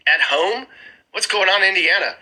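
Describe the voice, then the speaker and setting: Bright, husky-voiced man joking over maps. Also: high-pitched, normal speed, rough recording. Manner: sarcastic, chuckling asides. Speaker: screen-recording vlogger. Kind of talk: casual commentary over maps. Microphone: phone screen-recording mic.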